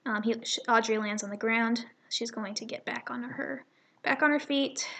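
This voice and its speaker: A woman's voice: fairly high pitch, normal speed, creaky, bright, forceful tone, a little hiss or hum. A young woman casually reading a comic aloud, chatty and often stumbling and correcting herself. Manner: chatty, stumbling over words, self-correcting. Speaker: reader of a fan comic. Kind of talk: casual comic read-along with voices.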